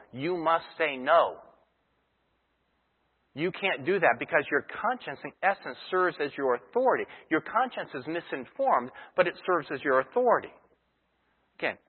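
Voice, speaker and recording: A male pastor preaches in a conversational teaching style and builds his points from everyday illustrations. His voice is a little high and husky. The sound comes through a tinny, phone-like radio broadcast. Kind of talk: sermon.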